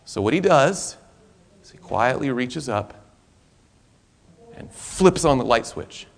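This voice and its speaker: A man preaching a sermon, telling a story in an animated, conversational way that is full of restarts. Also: mid-range voice, slow pace, creaky.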